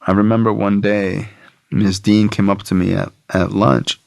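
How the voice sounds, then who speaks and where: Gravelly low-voiced man telling a story. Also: little pitch movement, a little slow, a little mellow, no room sound, studio quality. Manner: rambling, heavy "like" fillers. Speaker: podcast guest. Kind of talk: casual personal storytelling.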